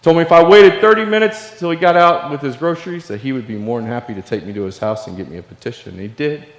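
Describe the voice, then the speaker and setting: Quick-paced and a little high, this middle-aged man's voice carries a keynote speech in which the Illinois-born Navy veteran earnestly confesses a personal story. He's in a large hall, and the recording echoes with long reverb.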